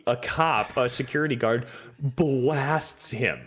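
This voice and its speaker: A man's voice: medium pitch, slow, over a noisy crowd. A young man co-hosting a podcast, chatting casually and rambling with lots of fillers. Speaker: podcast co-host. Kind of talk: casual chat.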